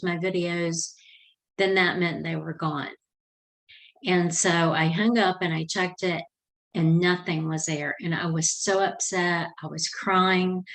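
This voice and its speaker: An older woman tells a personal story to camera in a chatty, earnest way. Her voice sits a little low, and now and then she stumbles and starts a phrase over. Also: a bit bright, poor audio. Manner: chatty and earnest, with small restarts. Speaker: Christian vlogger.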